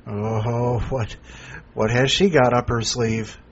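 A podcast host rambles between segments, joking and sarcastic, with a husky voice. The recording is dull and lo-fi. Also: male voice, medium pitch, fairly even intonation, takes it slowly. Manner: rambling, jokey, sarcastic asides. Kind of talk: casual podcast hosting.

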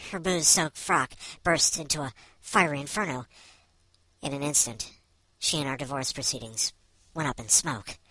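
A man voicing a small figure called the Midget, reading a dramatic short story in a deadpan way. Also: fairly high pitch, no echo, voice pushed up, poor audio.

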